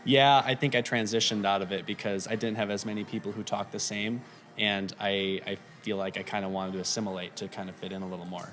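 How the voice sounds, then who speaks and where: A man's voice: fairly low pitch, fast. A man in his thirties with a faint Minnesota accent, chatting casually as a podcast guest and rambling with lots of ums. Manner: relaxed, rambling, many fillers. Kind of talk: casual interview chat.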